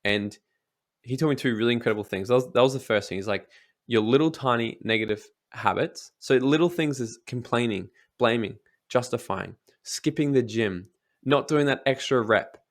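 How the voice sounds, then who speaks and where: A man's voice: mid-range voice, moderate pace. A young man speaking as a guest in an interview, giving emphatic motivational advice and swearing casually. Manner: emphatic, swears casually, acts out quoted voices.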